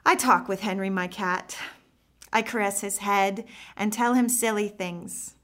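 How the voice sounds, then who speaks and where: A woman reading a first-person story aloud, earnest and reflective, with expressive phrasing. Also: mid-range voice, a little slow. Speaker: narrator.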